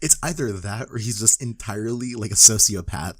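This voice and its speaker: A man's voice: on the low side, a little fast, husky, dry recording, clean studio sound. A man co-hosting a casual fan podcast, laid-back and rambling. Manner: laid-back, drawling, says like a lot. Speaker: podcast co-host.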